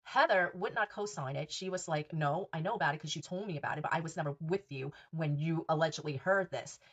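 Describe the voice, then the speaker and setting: A woman's voice: low voice, brisk, fairly bright tone, lo-fi sound. A woman hosting a podcast, recapping reality TV gossip in a sassy, profane and emphatic way. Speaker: podcast host.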